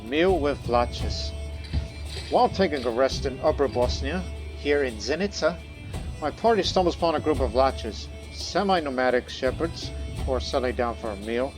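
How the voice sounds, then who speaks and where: With lively intonation and a moderate pace, this medium-pitched narrator of a strategy let's-play voices event text in first person before reflecting on it. Music sits faintly behind him.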